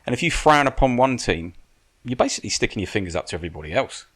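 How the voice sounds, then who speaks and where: A man's voice: medium pitch, very animated, very fast, a bit bright. A man giving casual podcast advice as a guest, frank and blunt, swearing and restarting his sentences often. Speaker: stunt coordinator and military adviser, guest.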